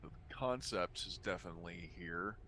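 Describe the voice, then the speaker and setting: A man's voice: sits low, normal speed, pushed and bright, slight background noise. A man playing a tabletop game, thinking aloud as he reasons through a puzzle. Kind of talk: casual game table talk.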